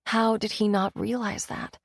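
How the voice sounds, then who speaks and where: A woman's voice: mid-range voice, flat delivery, unhurried, no echo, studio quality. A woman narrating a first-person romance audiobook in an emotive, intimate reading.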